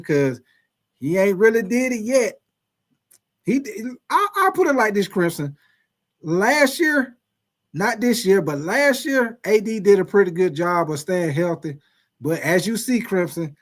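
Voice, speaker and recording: A man hosting a casual sports talk show, reading out viewers' chat comments and answering them in a loose, slangy, chatty way with drawn-out exclamations. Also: on the high side.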